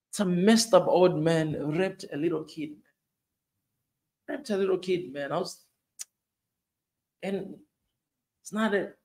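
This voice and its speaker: A man from Tanzania comments on the news in a loose, heartfelt way. His fairly high voice climbs as he repeats himself and keeps tossing in "man". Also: creaky. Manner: emotional, repetitive, says "man" often, voice rising in outrage. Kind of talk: impassioned casual commentary.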